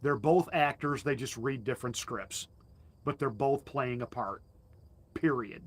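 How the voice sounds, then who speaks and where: A man's voice: mid-range voice, measured pace, slightly rough. A male pastor delivering a combative, mocking political commentary monologue with emphatic jabs.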